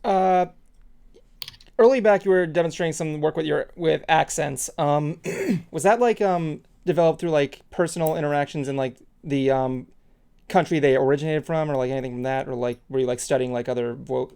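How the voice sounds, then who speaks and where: A man co-hosting a casual talk show, asking a question slowly with many fillers. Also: on the high side, steady tone, gravelly, mellow, smooth. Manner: hesitant, many ums and likes. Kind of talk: casual chat.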